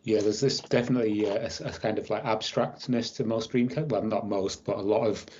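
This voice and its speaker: Rambling podcast co-host, low voice. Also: male voice, steady tone, a little fast, darkish tone, lo-fi sound, a little hiss or hum. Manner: rambling, with many fillers and restarts. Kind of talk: casual chat.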